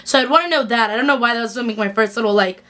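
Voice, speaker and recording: A young woman gushing through a casual episode recap in a chatty, excitable way, full of "like". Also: fairly high pitch. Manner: gushing, chatty, fast bursts with fillers like "like". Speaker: TV recap vlogger.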